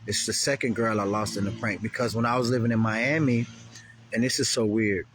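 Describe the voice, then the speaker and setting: A man's voice: fairly low pitch, fairly even intonation, a little fast, background noise. A man vlogger telling a rambling, profane story in casual speech heavy with slang.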